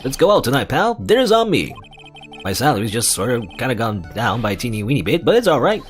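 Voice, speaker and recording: A man's voice: medium pitch, big pitch swings, fast talker, faint music behind, close to an everyday voice. A man voicing a clumsy, good-natured male detective in a game, talking eagerly.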